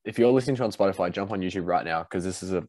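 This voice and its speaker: A young Australian man co-hosting a podcast, telling animated stories with swearing. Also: sits low, very fast, no room sound. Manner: animated storyteller, swears, laughs easily. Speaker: podcast co-host. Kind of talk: casual chat.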